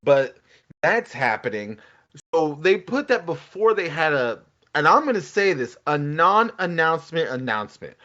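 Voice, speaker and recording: A man co-hosting a casual gaming podcast, rambling and animated, acting out quotes as he talks. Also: on the high side, normal speed. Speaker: podcast co-host. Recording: dull lo-fi audio.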